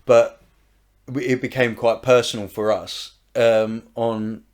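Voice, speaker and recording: A man's voice: medium pitch, level tone, slow pace. A man hosting a podcast, chatting in an easygoing, amused way. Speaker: podcast host. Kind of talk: casual chat.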